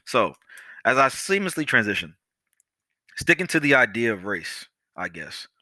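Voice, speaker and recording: Animated young man, bright dry voice. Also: mid-range voice, normal speed, no echo. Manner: animated, profane, addresses listeners directly. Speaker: podcast host. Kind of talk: casual storytelling monologue.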